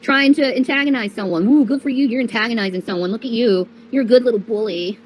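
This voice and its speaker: A woman's voice: on the high side, fast, slight background noise, poor audio. A woman ranting on a livestream, profane and mocking, repeating herself as she scolds critics.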